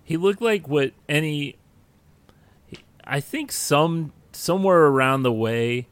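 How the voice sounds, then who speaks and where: A man's voice: fairly high pitch, animated, slow, smooth, no echo. A man in his forties, co-hosting a casual chat, laughing often and acting out bits of remembered dialogue. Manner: chatty, laughs often, acts out quotes. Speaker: podcast co-host.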